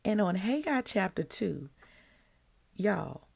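A woman hosting a devotional podcast, earnest and emotional, her voice breaking into excited peaks as she shares her morning. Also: medium pitch, takes it slowly, gravelly, breathy edge. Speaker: podcast host.

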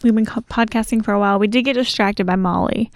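A woman's voice: medium pitch, fast talker, vocal fry, no room sound. A young woman chatting casually with her husband on a podcast, teasing and giggly. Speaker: podcast guest host, wife. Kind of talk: casual chat.

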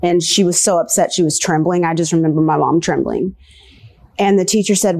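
An American woman telling a personal story in a slow, reflective way, pausing often. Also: fairly low pitch, vocal fry, dark tone. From United States. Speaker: interviewee telling her story. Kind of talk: personal testimony.

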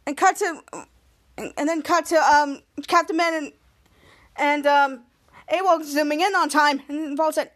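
A woman hosting a podcast, recapping a TV episode in an animated way, acting out the characters' lines with many restarts. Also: high-pitched, normal speed. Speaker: podcast host.

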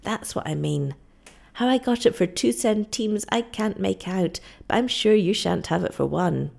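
A woman reading aloud and voicing a rough, hard-drinking male sailor who talks bluntly, loudly and mockingly. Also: medium pitch, animated, a little slow, heavily acted. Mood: boastful.

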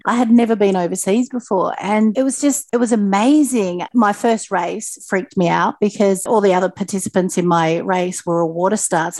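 A woman in her late forties with an Australian accent, a guest in an interview, telling her stories in a chatty, animated way. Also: medium pitch, no room sound. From Sydney, Australia. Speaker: interview guest, Paralympic athlete. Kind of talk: casual interview storytelling.

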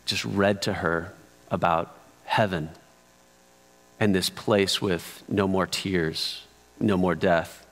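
A man preaching a sermon as a pastor. He tells a story softly and then moves into animated teaching. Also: deep voice. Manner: slow, soft-spoken storytelling that rises to animated teaching. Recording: long hall reverb.

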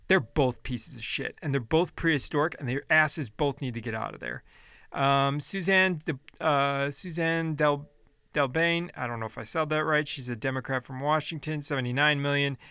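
Man, slightly high voice, sharp and bright tone, casual rant, profane asides. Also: clear, resonant tone, no room sound, studio quality. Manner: blunt, profane, reading down a list with asides. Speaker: political commentator. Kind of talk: casual ranting commentary.

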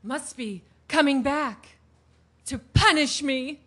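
An actress playing a melodramatic soap-opera heroine who makes a slow, tearful confession. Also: female voice, sits high, sharp tone, full character voice. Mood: confessing. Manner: theatrical, slow, sobbing confession. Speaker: soap-opera character heard on a TV.

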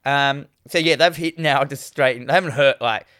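A man's voice: mid-range voice, normal speed, sharp tone, no room sound, clean studio sound. A man casually recapping a film in a podcast chat, swearing freely and acting out the characters' lines. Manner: laid-back and sweary, acts out characters' lines.

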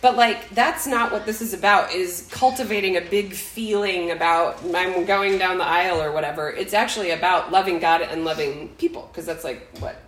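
A woman's voice: fairly low pitch, moderate pace, hardly any pauses, echoey room, a little hiss or hum, poor audio. A woman in her forties co-hosting a podcast, telling a story in a rambling, self-interrupting way with frequent laughs. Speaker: podcast co-host. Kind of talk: casual chat, storytelling.

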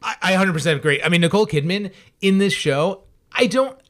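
A man's voice: high-pitched, expressive, brisk, a bit bright. A man co-hosting a podcast, chatting casually and with lots of energy about a TV show, often restarting his sentences. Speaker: podcast co-host. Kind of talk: casual review chat.

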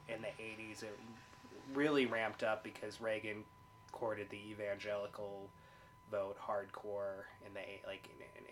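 A man's voice: on the low side, fairly bright tone, a little hiss or hum. A man from the United States co-hosting a casual chat, laid-back, swearing and laughing often. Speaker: podcast co-host.

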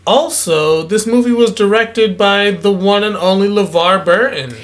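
A man in his twenties co-hosting a podcast, chatting casually with enthusiastic jokes. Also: high-pitched. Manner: enthusiastic, jokey, drawn-out phrasing. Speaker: podcast co-host. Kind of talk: casual chat.

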